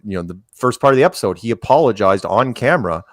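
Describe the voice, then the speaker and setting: A man's voice: on the low side, animated, fast, dry recording, studio quality. A man chatting as a podcast guest, telling rambling stories and acting out quotes from others. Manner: rambling storyteller, acts out quotes. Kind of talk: casual interview chat.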